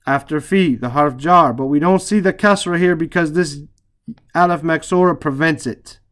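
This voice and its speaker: A man teaching Arabic reading, translating lines and explaining grammar slowly and patiently, repeating words and spelling out letters. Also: on the high side, fairly bright tone.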